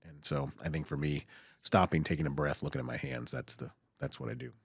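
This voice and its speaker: A man who works as a surgeon, talking in a calm, reflective way during a casual podcast chat and often rephrasing as he goes. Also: extremely low pitch, a little fast, vocal fry, slightly rough, no echo, studio quality.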